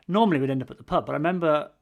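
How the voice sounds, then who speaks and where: A man's voice: fairly high pitch, gravelly. A man co-hosting a podcast in casual chat, with wry, grumbling humor and frequent restarts. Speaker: podcast co-host.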